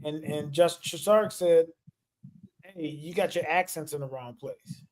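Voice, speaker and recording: A man's voice: a little high, a little slow, darkish tone. A man who teaches music, speaking as co-host of a casual livestream panel. He tells stories with energy and laughs through them. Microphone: remote call mic.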